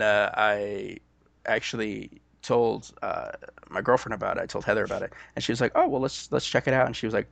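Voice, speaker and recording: A man's voice: lowish voice, gravelly, no echo. A man co-hosting a podcast in casual chat, often laughing as he retells jokes. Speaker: podcast co-host.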